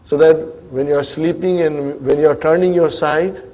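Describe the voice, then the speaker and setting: A man with a fairly high voice leads an Arabic grammar lesson, quizzing his class and repeating the answers back. The sound is dull and lo-fi, like an old classroom recording. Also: steady tone, moderate pace, dark tone. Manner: drills students with frequent "huh?" and repetition; mixes Arabic phrases into English teaching. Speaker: Arabic teacher. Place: community centre classroom.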